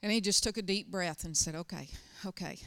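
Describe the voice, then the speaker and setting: Here the same kind of speaker, a middle-aged woman pastor, tells stories in her sermon with urgent, emphatic bursts. She talks fast at a medium pitch, her tone clean and slightly bright, and the recording has no room sound.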